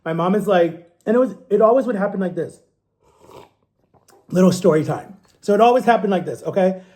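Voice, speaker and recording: A man in his thirties from Ohio telling a childhood story in a casual, animated vlog style, acting out quotes in a higher voice. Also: brisk. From Ohio, USA. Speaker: vlogger.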